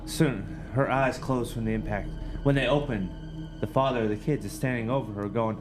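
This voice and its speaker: A man casually telling a scary story with friends, animated and quick to laugh. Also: mid-range voice, music in the background.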